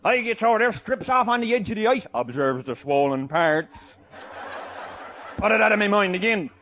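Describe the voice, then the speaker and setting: A man with a Newfoundland accent telling a comic tall tale, boisterous, often shouting and laughing mid-sentence. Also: high voice, expressive, moderate pace, slight background noise. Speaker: comic storyteller.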